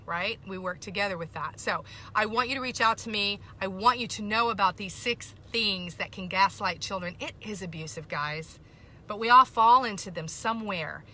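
A woman's voice: mid-range voice, moderate pace, sharp tone, slight background noise. A middle-aged woman hosting a podcast, talking casually and emphatically to her listeners and repeating her key points. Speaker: podcast host.

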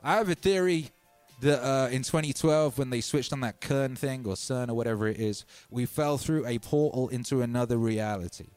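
A man's voice: mid-range voice, normal speed, a little mellow, smooth, no echo, soft background music. A man hosting a livestream, chatting casually in a laid-back, slangy, rambling way. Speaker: livestream host.

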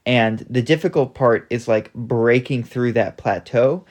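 A man in his thirties with a mid-range voice co-hosts a casual podcast conversation. He talks in a reflective, measured way and thinks ideas through as he goes. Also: mid-range voice, a little mellow. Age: 30s. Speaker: podcast co-host.

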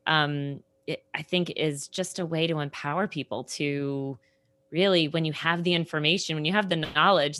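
A woman hosting an interview, speaking thoughtfully with pauses and fillers as she asks her question. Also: sits low, a bit bright, no room sound. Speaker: interview host.

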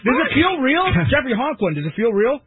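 A man's voice: very high-pitched, very animated, a little fast, a crowd in the background. A man co-hosting, goading a friend and laughing along. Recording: tinny phone-like audio.

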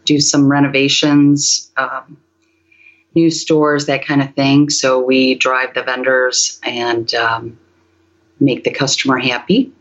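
Very low-voiced woman guest. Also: little pitch movement, muffled recording. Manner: measured, with many um and uh. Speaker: podcast guest. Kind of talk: casual interview chat.

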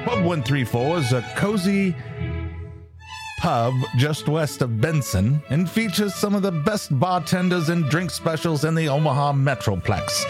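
A man putting on a high, sing-song mock English accent to read a sponsor ad. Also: huge pitch swings, measured pace, music in the background. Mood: pompous.

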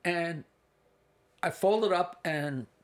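A man's voice: on the high side, very slow. A man in his sixties, a comedian, telling rambling anecdotes with asides and restarts in a casual interview. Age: 60s. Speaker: comedian guest.

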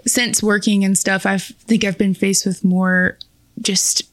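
A woman's voice: medium pitch, level tone, slow pace, no room sound. A woman co-hosting a podcast, speaking in an earnest, reflective way. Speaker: podcast co-host. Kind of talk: casual chat.

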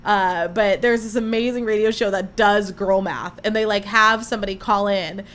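A woman's voice: mid-range voice, fairly even intonation, normal speed, fairly bright tone. A young woman hosting a casual solo podcast, telling chatty, gushing stories and acting out what people said. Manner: chatty, gushing storyteller who acts out quotes. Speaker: podcast host.

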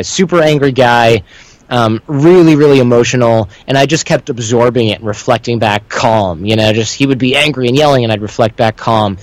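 A man's voice: medium pitch, no echo, rough recording. A man speaking as a guest instructor, telling stories in a rambling, conversational way and briefly acting out the voices of people he quotes. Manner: rambling, self-described windbag; acts out quoted voices within anecdotes. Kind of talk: conversational storytelling.

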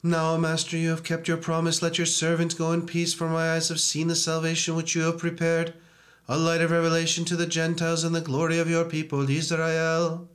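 A man's voice: fairly high pitch, completely flat delivery, a little fast, fairly bright tone. A man steadily reciting liturgical prayers as a reader.

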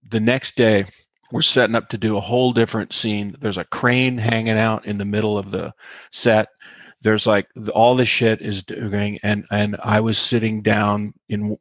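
A man's voice: on the low side, dry recording. A male actor as interview guest, telling behind-the-scenes anecdotes with lots of fillers and acted-out quotes. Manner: animated anecdote teller, acts out quotes, many fillers. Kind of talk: storytelling interview.

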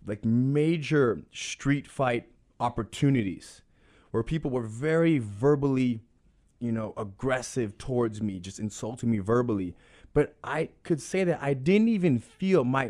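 A man's voice: mid-range voice, darkish tone. A man guest on an interview podcast, a jiu-jitsu instructor, talking in an earnest, explanatory way and repeating phrases for emphasis.

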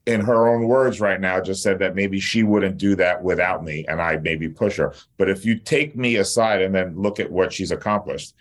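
A man's voice: deep voice, moderate pace, few pauses. A male dentist and educator talking in a casual interview, blunt, fired-up and openly emotional.

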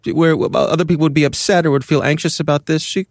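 A man co-hosting a podcast, musing aloud in casual chat at a measured, thoughtful pace. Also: a little high, steady tone, dry recording, studio quality. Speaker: podcast co-host.

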